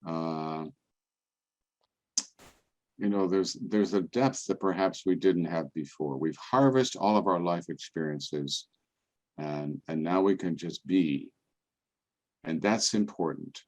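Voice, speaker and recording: An older man, a priest, giving a relaxed, conversational talk full of homely anecdotes and playful voices for the people in them. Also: low voice, measured pace, long pauses. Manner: folksy storytelling, acts out other people's voices. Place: parish event, indoors.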